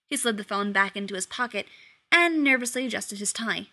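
A woman reading a story aloud in a lively, expressive way. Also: mid-range voice, brisk. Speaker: reader.

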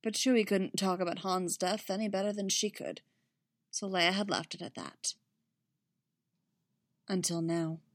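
A woman reads a story aloud in a quiet, measured, soft-spoken voice at a middling pitch. The recording is dry and close, with no echo. Her narration moves at an even pace. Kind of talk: audiobook reading.

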